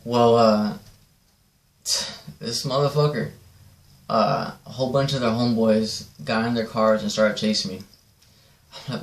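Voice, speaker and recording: A man's voice: fairly low pitch, little pitch movement, moderate pace. A man casually telling a rambling personal story, swearing often and checking in with "right?". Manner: profane, rambling, repeats "right?". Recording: echoey room.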